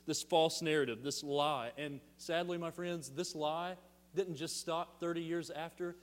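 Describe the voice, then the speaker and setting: A male pastor preaches to his congregation in a fairly high voice, animated and emphatic, stopping often to put rhetorical questions to the room. His words ring out with a long reverb through a large sanctuary. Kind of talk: sermon.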